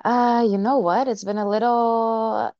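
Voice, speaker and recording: A woman's voice: on the high side, steady tone, unhurried, dry recording, dull audio. A young woman from the Netherlands with a Dutch accent, a chatty podcast guest who laughs lightly. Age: young adult. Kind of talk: casual interview chat.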